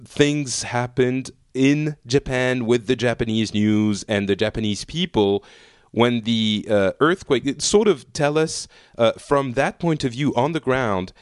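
A man's voice: medium pitch, no room sound, studio quality. A man with a French accent hosting a casual online round-table chat, joking often, with many fillers and restarts. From France. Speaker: podcast host.

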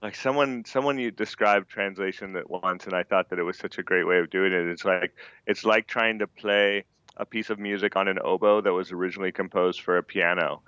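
Male podcast guest, deep voice with a forceful edge, opinionated and chatty, dry slightly dull sound. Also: brisk, clear, resonant tone, no echo. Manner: animated, opinionated, frequent "you know" fillers. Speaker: manga translator guest. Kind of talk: podcast conversation.

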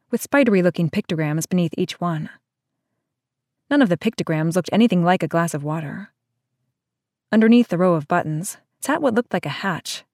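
A woman narrating a novel aloud in a steady, even storytelling manner. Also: fairly low pitch, no room sound, studio quality. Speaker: audiobook narrator. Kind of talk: scripted narration.

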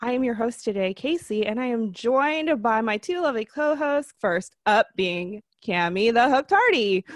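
A woman's voice: a little high, expressive, moderate pace, few pauses, no room sound, studio quality. A woman hosting a casual podcast, introducing her co-hosts and guest with bubbly enthusiasm. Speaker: podcast host.

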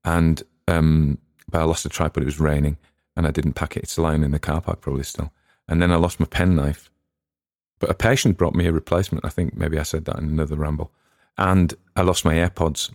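A man's voice: a bass voice, level tone, brisk, a little mellow, no echo, clean studio sound. An English man hosting a podcast, chatting casually in a rambling, digressive way with frequent restarts. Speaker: podcast host and reader.

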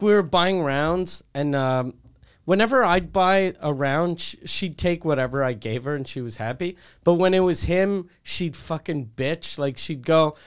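A man hosting a loose comedy chat. His voice is clear and smooth and sits a little high. He swears freely and slips into quick voices for the people in his stories. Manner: storytelling, swearing, acts out voices in quotes.

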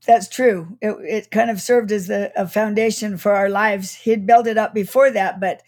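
With a mid-range, slightly mellow voice, a middle-aged guest author shares a childhood memory during an interview at normal speed and fairly even intonation. Her storytelling is reflective, dotted with small laughs and restarts.

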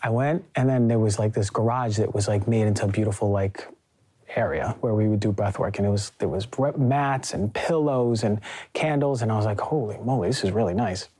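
A man's voice: lowish voice, fairly even intonation, a little fast, warm tone. A young man hosting a podcast, telling a story animatedly with lots of fillers and acted-out quotes. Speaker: podcast host. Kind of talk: casual conversation.

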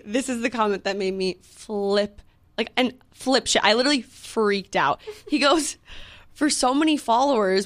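A woman's voice: on the high side, a bit bright. A young woman in her twenties co-hosting a podcast, telling a story in casual chat with lots of fillers and quoted back-and-forth. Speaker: podcast co-host.

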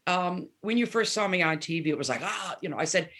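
Brisk and fairly low-voiced, this guest musician in her seventies shares candid anecdotes in a relaxed interview. She's an animated storyteller who performs the dialogue of anyone she quotes.

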